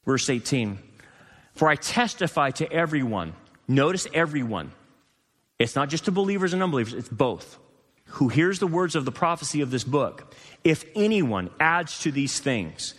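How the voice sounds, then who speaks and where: A man's voice: expressive, moderate pace, in a large hall. A man preaching a sermon as pastor, teaching scripture verse by verse and rising to impassioned pleading. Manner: rises to impassioned, higher-pitched pleading.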